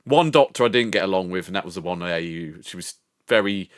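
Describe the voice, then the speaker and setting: A man's voice: sits low, lively intonation, fast, a bit bright, no echo, clean studio sound. An older man streaming from home, chatting casually with his viewers, rambling, swearing and laughing often. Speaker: live streamer. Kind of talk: casual chat with live chat.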